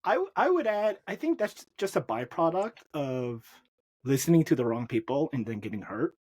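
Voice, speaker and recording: A woman with a strikingly deep, breathy voice hosts a faith podcast. The recording sounds close and dry, and she speaks steadily in a relaxed, agreeable way. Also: moderate pace, no room sound. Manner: steady listener who gives frequent short agreements. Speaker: podcast host. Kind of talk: conversational faith interview.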